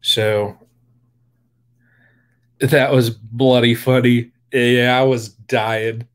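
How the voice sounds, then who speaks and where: Male beekeeper hosting a live chat, unhurried, rambling, mid-pitched, friendly greetings to viewers. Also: flat delivery. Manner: rambling, greets viewers by name, many fillers. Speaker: beekeeper livestream host. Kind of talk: casual live-stream chat.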